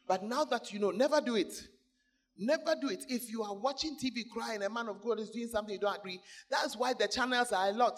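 A man with a notably high voice preaches to his congregation. He talks animatedly, breaks into laughter between points and keeps calling out questions to the people in the pews. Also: fast. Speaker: pastor. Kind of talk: sermon.

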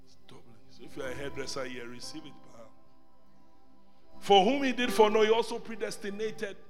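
High, bright-voiced bishop preaching. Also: male voice. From Ghana. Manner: emphatic, repeats phrases, swings between loud exclamations and quiet asides. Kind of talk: sermon. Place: church service hall. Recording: long reverb of a large hall, faint music.

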